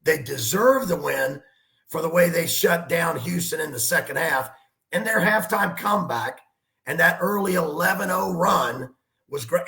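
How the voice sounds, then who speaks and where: A man's voice: high-pitched, vocal fry, echoey room. A man, a basketball coach, telling stories and giving emphatic sports analysis on a talk show. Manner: animated storyteller, emphatic.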